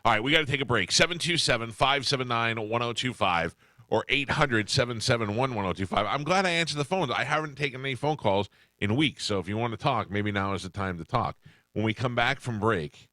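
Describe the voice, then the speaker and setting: A man's voice: mid-range voice, brisk, pushed and bright, dry recording. A man in his forties hosting a radio show in a studio, joking around and telling stories. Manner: joking, tells stories acting out quoted voices. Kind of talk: casual radio banter. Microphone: studio microphone.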